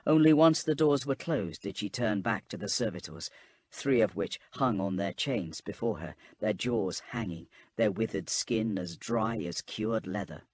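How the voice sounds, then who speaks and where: Calm, husky male audiobook narrator. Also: lowish voice, unhurried. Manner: calm, steady storytelling.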